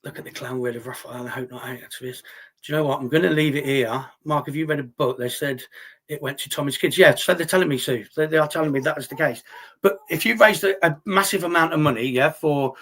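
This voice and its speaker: A man's voice: on the high side, fast, fairly bright tone. A middle-aged man hosting a live stream, reading chat comments aloud and answering them bluntly and argumentatively, swearing often. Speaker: livestream host reading chat.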